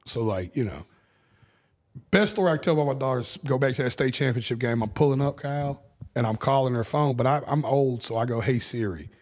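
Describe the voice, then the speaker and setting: A man's voice: medium pitch, fast, a little mellow. Podcast guest: middle-aged man, open and profane storyteller. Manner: candid storytelling, swears freely. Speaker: guest musician. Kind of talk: casual podcast chat.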